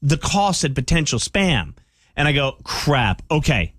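A man hosting a radio morning show, telling a prank story in a jokey, animated way with mock panic. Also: on the high side, normal speed, no echo, clean studio sound.

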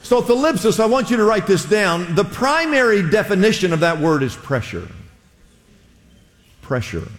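A man's voice: high-pitched, big pitch swings, moderate pace. A man preaching a sermon, teaching his congregation and calling on them to repeat words after him. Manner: teaching, engages congregation with call-and-response; many fillers and restarts, emphatic rises. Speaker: pastor. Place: church sanctuary. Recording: long reverb of a hall.

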